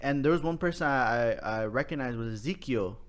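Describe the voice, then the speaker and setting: A man's voice: mid-range voice, fairly quick. Young man telling a rowdy story. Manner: animated, profane, quotes people in funny voices. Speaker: podcast guest. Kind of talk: casual storytelling chat.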